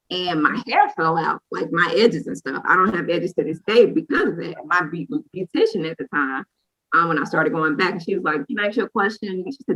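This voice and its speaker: Bright-voiced woman telling a lively story. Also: lowish voice, slightly rough, low-quality recording. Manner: lively storyteller who acts out quotes. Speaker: co-host sharing a personal story. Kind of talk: casual chat.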